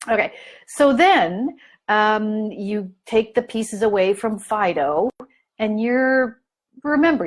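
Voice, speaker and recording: A woman giving a live parent training, telling an everyday story and asking her listeners questions, with many fillers. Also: a little high. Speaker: family consultant giving a training. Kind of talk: live online training talk.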